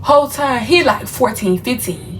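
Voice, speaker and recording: A vlogger from Memphis tells her viewers a casual storytime, talking straight to them in a chatty style full of fillers. Her voice is a little high and expressive, at a moderate pace. The mic is distant, with slight background noise and rough recording quality.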